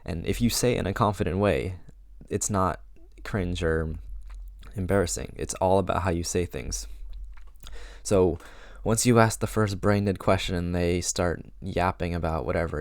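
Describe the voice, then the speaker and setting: A man's voice: low voice, steady tone, normal speed, dry recording, studio quality. A young man around eighteen giving casual social advice to camera, chatty and full of fillers, acting out sample lines.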